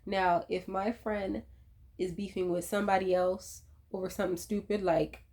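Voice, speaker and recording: A woman casually recapping a reality TV episode, animated and profane, with laughing asides. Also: mid-range voice, moderate pace. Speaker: reality TV commentator.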